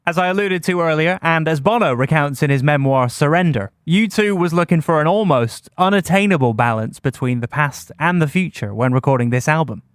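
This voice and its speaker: A man hosting a music history podcast, reading scripted narration in a measured storytelling way. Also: a little high, clear, resonant tone, no room sound, studio quality. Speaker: podcast host.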